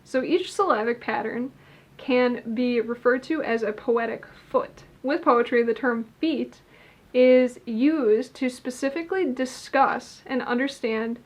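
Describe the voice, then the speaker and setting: A woman's voice: fairly high pitch, unhurried. A young adult woman teaching poetry writing in an instructional video, explaining methodically step by step with the odd filler.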